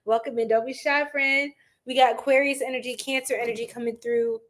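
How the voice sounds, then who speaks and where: High-voiced, animated woman reading tarot. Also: fairly quick. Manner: animated, slangy, chatty with viewers. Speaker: tarot reader live-streaming. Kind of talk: casual live-stream tarot reading.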